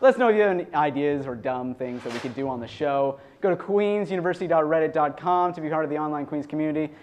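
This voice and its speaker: A young man hosting a student comedy show, wry and deadpan as he signs off. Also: on the high side, fast, slight background noise. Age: young adult. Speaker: host.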